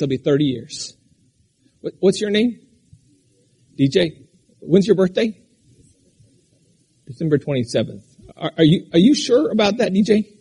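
A man from Alaska delivers a sermon in a high, husky voice. He jumps from loud, forceful proclamations to soft, personal asides aimed at one person in the pews. The rhythm is pastoral and unpredictable. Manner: preaching with sudden shouts and drops to a quiet conversational tone.

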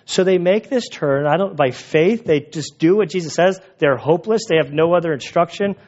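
A man preaching a sermon in a conversational, animated way, retelling the story and acting out the voices of its people. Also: a little high, normal speed, dull audio. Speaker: pastor.

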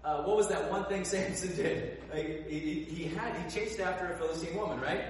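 A man preaching a sermon, telling the story in an animated way and acting out the characters. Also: on the high side, moderate pace. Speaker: pastor. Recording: echoey hall, voice from far off.

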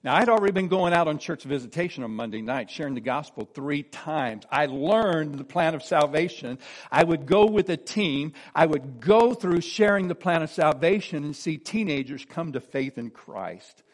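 A man in his sixties giving an earnest personal testimony as a preacher. He tells the story warmly and drops soft and low whenever he quotes someone. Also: animated, moderate pace.

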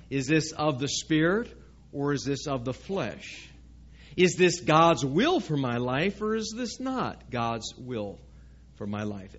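A pastor with a fairly high-pitched male voice preaches a sermon to his congregation in a church sanctuary. He speaks conversationally and often asks the listeners questions. The audio is dull.

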